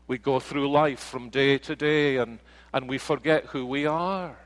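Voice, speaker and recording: A man's voice: mid-range voice, fairly even intonation, unhurried, low-quality recording. A man preaching a sermon, earnest, with rhetorical questions and homely anecdotes. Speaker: pastor.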